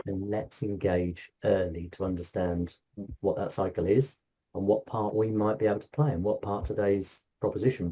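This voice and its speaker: A man's voice: low-pitched, warm tone, breathy edge, rough recording. A man speaking for an insurer on a webinar panel over a video call, his phrases loose and trailing off. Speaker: insurance company representative.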